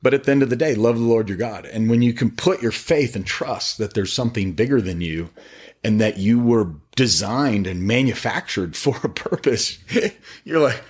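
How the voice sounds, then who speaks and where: Husky, animated middle-aged man. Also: mid-range voice, moderate pace. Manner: animated, enthusiastic, preachy storytelling. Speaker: podcast guest, faith-based business owner. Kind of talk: casual podcast conversation.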